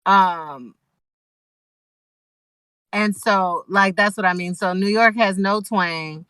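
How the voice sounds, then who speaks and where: This woman, a guest musician from Los Angeles, USA, talks slowly on a video call in a pushed, bright, clean, medium-pitched voice. The conversation is a casual chat; she's talkative and thoughtful, with many restarts. No echo, though the audio is poor.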